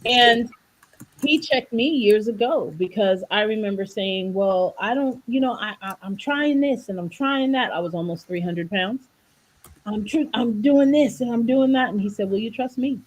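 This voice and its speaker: A woman's voice: fairly high pitch, moderate pace, poor audio. A woman wellness coach on a video call, talking about faith and health and acting out voices when she tells a story. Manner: animated storyteller, preachy, acts out voices in jokes. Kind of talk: faith-based wellness talk on a livestream.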